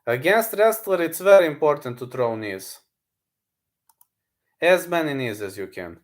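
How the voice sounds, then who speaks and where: Slow-talking, lively man giving blunt tips. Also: fairly high pitch. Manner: blunt, repetitive fight advice. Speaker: streamer. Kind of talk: casual livestream chat.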